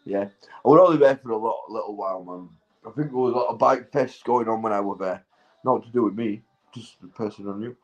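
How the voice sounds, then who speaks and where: A man's voice: lowish voice, fast, lo-fi sound. Northern English man, 40s, intoxicated livestreamer; meandering monologue, laughs at his own thoughts, swears freely. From England. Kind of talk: rambling casual chat to viewers.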